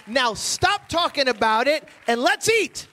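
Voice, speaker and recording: A man voicing his calm, firm pastor, who speaks steadily and matter-of-factly. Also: extremely high pitch, a little slow, some chatter behind, exaggerated voice. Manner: steady, admonishing, matter-of-fact. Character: calm, firm older male pastor and mentor.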